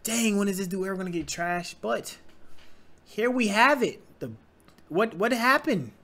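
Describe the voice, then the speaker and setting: A man's voice: high-pitched, moderate pace. A young man hosting a sports reaction video, ranting casually with profanity, stammering restarts and repeated phrases. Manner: animated, repetitive, stammering, profane. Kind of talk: casual rant.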